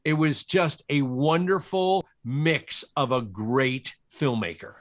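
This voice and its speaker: A man, a cinematographer guest in an interview, telling anecdotes from film sets in a relaxed, animated way. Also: fairly high pitch, slow pace. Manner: animated, quotes people in his stories.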